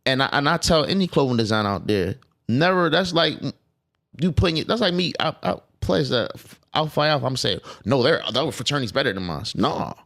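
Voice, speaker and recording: A man's voice: on the high side, lively intonation, fairly quick, vocal fry, fairly bright tone. A man talking as a guest on a podcast, casual and emphatic, with profane streetwise phrasing. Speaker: clothing designer guest.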